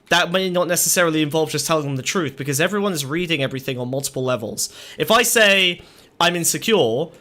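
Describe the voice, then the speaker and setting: Male podcast guest, higher and bright-toned, animated and argumentative. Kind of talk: casual chat.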